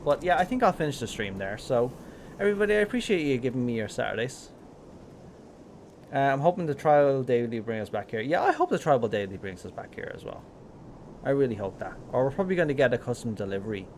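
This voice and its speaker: A man's voice: medium pitch, very animated, fast, a little mellow, a little hiss or hum. An Irish man giving casual live-stream commentary on a game, rambling with lots of fillers and self-corrections. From Ireland.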